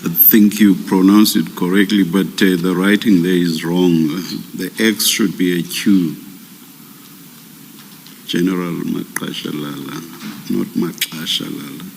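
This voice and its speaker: A man, a commissioner chairing an inquiry, correcting a detail in a calm manner. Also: low-pitched, unhurried, few pauses, in a large hall, slight background noise, poor audio. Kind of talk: formal remarks at an inquiry.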